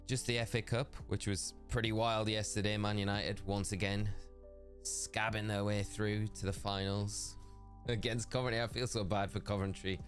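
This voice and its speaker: A young man streaming a game, chatting casually and in a friendly way with viewers and calling them "mate". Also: sits low. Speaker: gaming streamer. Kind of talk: casual live-stream chat.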